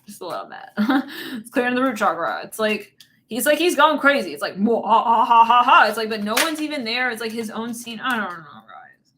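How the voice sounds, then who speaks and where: A woman's voice: on the high side, big pitch swings, brisk, sharp tone, slight background noise. Giggly, rambling woman reading tarot cards. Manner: rambling, giggly, blunt with swearing. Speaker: tarot reader. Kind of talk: casual tarot reading monologue.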